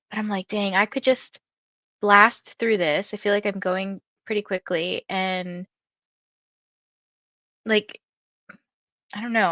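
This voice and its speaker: A woman's voice: mid-range voice, a bit bright, no echo, highs cut off. Chatty young woman livestreaming. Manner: chatty, many fillers, reads viewer comments aloud. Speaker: livestream host reading books. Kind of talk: casual chat with viewers.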